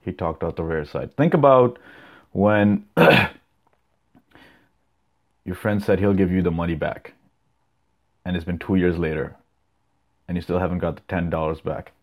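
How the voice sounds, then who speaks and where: A man's voice: low voice, unhurried, pauses often, phone-quality sound. A young man hosting his own podcast, chatting loosely and swearing a lot as he rambles and reacts to clips. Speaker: podcast host. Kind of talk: casual solo podcast chat.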